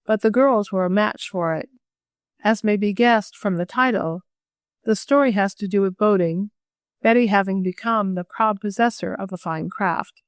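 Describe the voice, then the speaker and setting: A woman reading a classic children's novel aloud as an audiobook narrator, clear and measured. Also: medium pitch, no echo, clean studio sound.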